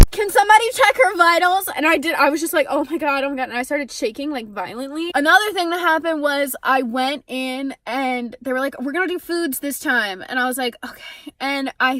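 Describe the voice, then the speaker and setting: A young woman in her car telling a sarcastic, expressive storytime vlog, swearing freely. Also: sits high, no room sound. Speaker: vlogger.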